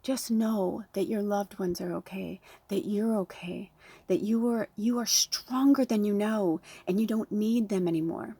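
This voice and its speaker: Gravelly, breathy woman talking earnestly. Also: medium pitch, unhurried, dark tone, dry recording. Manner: earnest, heartfelt, blunt with swearing. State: close to tears. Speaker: spiritual medium. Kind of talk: emotional direct-to-camera talk.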